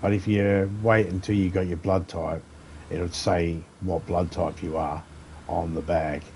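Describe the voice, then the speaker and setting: A man with a very low voice chats while streaming a game. He rambles from topic to topic in a crude, jokey way, with faint noise behind him. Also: level tone, unhurried, darkish tone. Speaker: gaming streamer. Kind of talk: casual chat while gaming.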